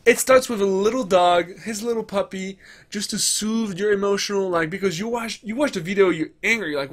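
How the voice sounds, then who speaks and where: A man rants through a commentary vlog, swearing freely and mimicking the people he criticizes. His speaking voice sits high for a man. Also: a little fast. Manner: ranting, profane, mocks others in put-on voices. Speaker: gaming commentator.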